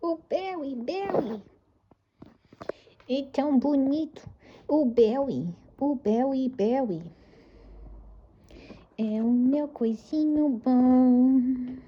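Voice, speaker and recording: Woman doing a high cooing pet voice. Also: takes it slowly, long pauses, highs cut off. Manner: high sing-song cooing and repeating. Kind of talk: baby talk to her pet. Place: her home, indoors.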